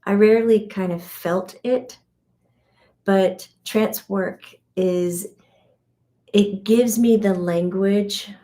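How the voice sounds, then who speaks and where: A woman's voice: medium pitch, steady tone, takes it slowly, warm tone. A woman who hosts as a spiritual medium, teaching casually to a live audience, chatting, laughing often and acting out little scenes. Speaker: spiritual medium and channel host.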